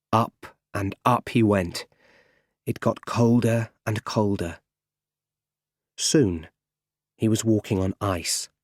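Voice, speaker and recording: Slow, plain-spoken male storyteller. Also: fairly low pitch, no echo, studio quality. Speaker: audiobook narrator. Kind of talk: scripted audiobook narration.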